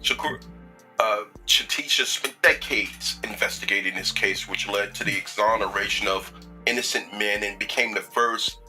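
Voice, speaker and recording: Bright-voiced, joking male host. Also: on the low side, normal speed, faint music behind, low-quality recording. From Chicago, United States. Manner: joking, chatty, lots of filler words. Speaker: talk show host. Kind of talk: casual interview introduction.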